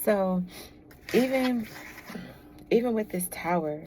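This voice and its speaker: A woman's voice: mid-range voice, lively intonation, slow pace, background noise. A woman giving a casual tarot reading, chatty and laughing often as she talks to viewers. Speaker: tarot reader.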